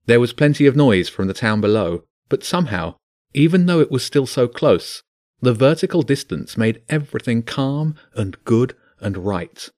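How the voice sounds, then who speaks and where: A man's voice: mid-range voice, moderate pace, no room sound, studio quality. A man narrating a children's fantasy book, voicing each character. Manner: expressive, voices each character.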